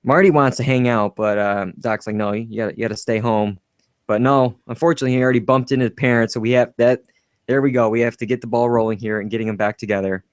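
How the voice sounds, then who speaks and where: A man co-hosting a podcast, chatting casually about a film, animated and laughing often as he acts out quotes. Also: medium pitch, quick pace, clear, resonant tone, no echo, clean studio sound. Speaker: podcast co-host.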